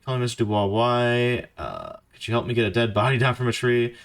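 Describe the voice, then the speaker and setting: Young guy streaming a game, jokey, reads options out loud. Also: mid-range voice, expressive, fairly quick. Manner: joking, laughing, reads choices aloud. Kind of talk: casual let's-play commentary.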